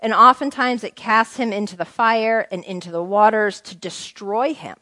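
A woman's voice: medium pitch, normal speed, pushed and bright, no room sound. Woman teaching scripture, dry close sound. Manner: conversational, asks the group questions, reads scripture aloud. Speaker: Bible teacher. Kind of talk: informal Bible teaching to a group.

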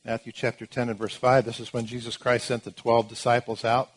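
A man's voice: medium pitch, flat delivery, brisk, breathy edge. A man preaching a sermon, teaching through Bible verses in an emphatic way, with asides and restarts as he explains.

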